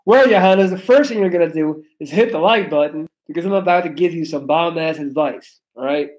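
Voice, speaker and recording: A man's voice: a little high, fairly quick, darkish tone, highs cut off. A young man with a non-native English accent, reading chat on a casual livestream, blunt, profane and joking. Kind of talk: casual live-stream chat.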